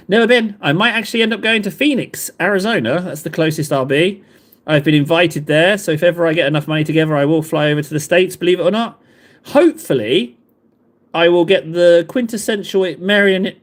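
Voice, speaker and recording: A man with a southern English accent hosting a livestream, chatting casually to viewers in a rambling, self-mocking, jokey way. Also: on the high side. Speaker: livestream host. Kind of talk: casual chat to live viewers.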